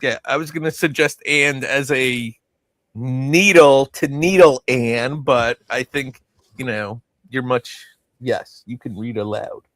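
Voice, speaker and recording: A man's voice: medium pitch, takes it slowly, a bit bright, no echo. A man literary agent in a live video Q&A, joking and self-deprecating. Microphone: video call.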